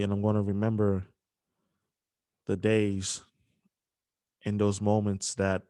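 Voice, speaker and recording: Young guy podcast host, low monotone, choked up and restarting a lot, dry mic. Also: smooth, dry recording. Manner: halting, emotional, with many restarts. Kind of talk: emotional podcast dedication and interview.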